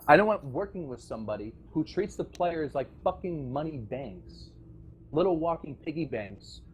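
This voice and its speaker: A man's voice: fairly high pitch, expressive, normal speed, slight background noise. A man giving an impassioned, rambling voice-chat speech to players about the game server community he left, full of restarts and nervous laughs. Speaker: former game server staff member addressing players. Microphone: voice chat microphone.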